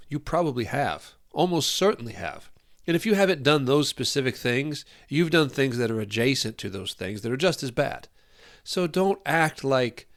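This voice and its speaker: Earnest rambling man talking parenting. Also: mid-range voice. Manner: earnest, rambling, repeats phrases while searching for words. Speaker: podcast host. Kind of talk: unscripted solo talk on parenting.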